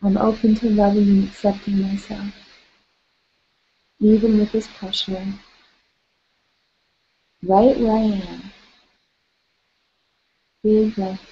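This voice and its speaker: A woman leading a guided tapping session, calling out tapping points and gently coaching listeners through spoken affirmations. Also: mid-range voice, level tone, takes it slowly, long pauses, husky, muffled recording.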